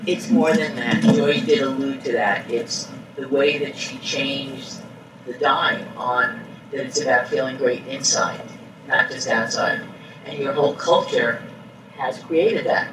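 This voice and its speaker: A man's voice: mid-range voice, fairly even intonation, unhurried. A man moderating a live panel interview, enthusiastic and keeping things moving. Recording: echoey room, distant mic, noisy.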